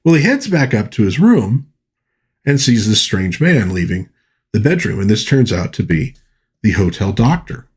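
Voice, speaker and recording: A man's voice: fairly low pitch, sing-song, moderate pace, slightly rough. A man casually narrating a film review, retelling scenes and briefly mimicking characters' lines, talking loosely with fillers and restarts.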